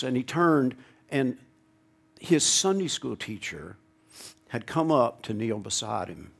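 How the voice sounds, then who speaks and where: Gravelly-voiced male preacher. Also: mid-range voice. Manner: call-and-response preaching, swinging from loud to hushed. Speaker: pastor. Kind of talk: sermon.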